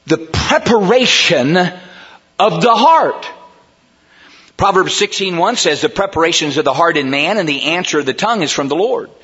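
A man preaching a sermon in a church, emphatic and rising to near shouts on key words. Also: fairly high pitch, animated, fairly quick, few pauses, breathy edge. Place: church sanctuary. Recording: dull sound with long hall reverb.

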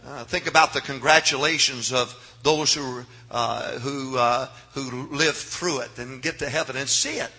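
Preacher guy, husky high voice, real bright, goes quiet then hollers. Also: steady tone, measured pace, few pauses. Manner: swings from hushed to shouting. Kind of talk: revival sermon. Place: church sanctuary.

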